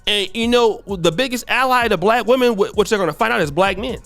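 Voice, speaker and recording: A man's voice: high voice, brisk, fairly bright tone, dry recording. A man hosting an opinion commentary, talking emphatically and repeating himself as he builds his points. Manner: emphatic, repetitive, conversational. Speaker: commentary channel host.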